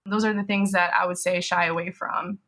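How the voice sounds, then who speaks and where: A woman's voice: fairly low pitch, little pitch movement, fairly quick, a bit bright. A woman business lawyer, a podcast guest, explaining legal risks in a conversational way, often adding "you know" and "right?".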